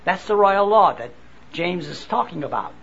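A man preaching a sermon at a convention, reading scripture and explaining it slowly, often repeating and restarting words. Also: high-pitched, expressive, creaky, a bit bright, highs cut off, a little hiss or hum. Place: convention hall.

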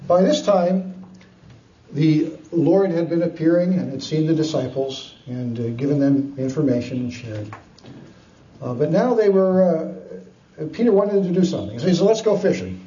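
Preacher guy telling bible stories, lots of uhs, kinda warm voice, echoey hall sound. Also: fairly high pitch, moderate pace. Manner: animated storytelling with chuckles and many fillers. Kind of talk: sermon. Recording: distant, dull, echoey room.

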